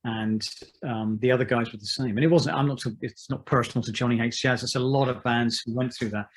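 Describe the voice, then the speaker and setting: A man's voice: medium pitch, steady tone, a little hiss or hum. Reflective middle-aged man musician. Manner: thoughtful, measured, many restarts. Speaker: musician guest. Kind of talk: reflective interview talk.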